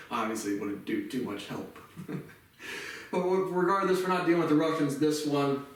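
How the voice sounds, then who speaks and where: A man giving a casual spoken movie review, rambling and relaxed, often restarting his sentences and swearing casually. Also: a little high, moderate pace. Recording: very echoey room, distant mic.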